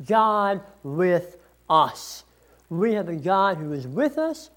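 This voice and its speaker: A preacher delivering a sermon at an unhurried, measured pace, pausing between phrases. Scripture is read aloud with weight and stress on key words, and the voice sits at a middling pitch. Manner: slow, deliberate preaching, reading scripture aloud with emphasis. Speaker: pastor.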